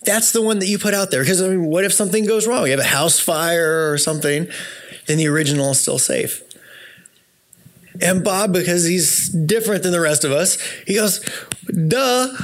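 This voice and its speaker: Male preacher, fairly high voice, reflective sermon delivery, slows down on key words. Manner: reflective, asks listeners to picture things, slows down for emphasis. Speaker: pastor.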